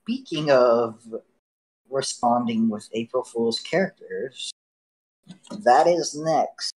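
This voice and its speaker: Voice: medium pitch, lively intonation, takes it slowly, darkish tone, poor audio. Podcast host, casual chat, playful, teasing, leads the topics.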